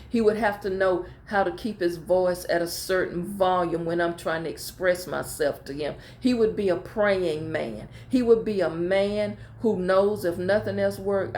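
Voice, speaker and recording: A middle-aged woman pastor talks casually to her viewers in a medium-pitched, darkish voice, in an echoey room with a little hiss or hum. She tells heartfelt stories in colloquial speech with informal grammar, repeating phrases for emphasis.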